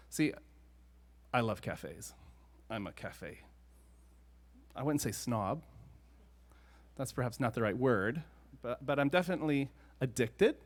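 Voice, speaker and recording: A man with a Southern US accent, a singer-songwriter telling stories between songs on stage, chatty and self-deprecating with quick asides. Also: medium pitch, fairly bright tone. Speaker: singer-songwriter performing live. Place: live music venue showroom. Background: faint guitar.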